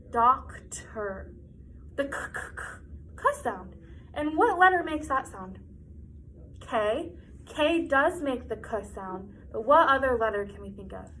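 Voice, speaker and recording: A teenage girl giving a demonstration reading lesson to young children, slowly sounding out letters, and then explaining how she taught it. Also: a little high, fairly bright tone, a little hiss or hum, low-quality recording. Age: teens. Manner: slow and sing-song, sounding out letters. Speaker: student presenting a teaching demonstration. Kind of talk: teacher talk to young children, then reflection.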